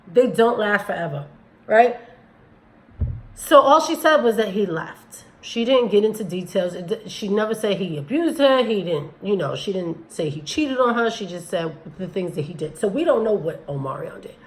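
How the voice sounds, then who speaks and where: A woman's voice: mid-range voice, expressive, measured pace, rough recording. A woman hosts a casual commentary on a video clip. She speaks bluntly and critically, addressing her viewers directly in an everyday voice. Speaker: commentary channel host.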